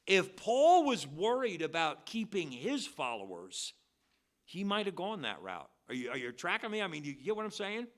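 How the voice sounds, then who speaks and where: A man preaching as pastor at a midweek church service, swinging between loud, drawn-out stressed words and quiet, quick asides. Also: high voice, wildly swooping pitch. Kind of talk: expository sermon. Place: church sanctuary.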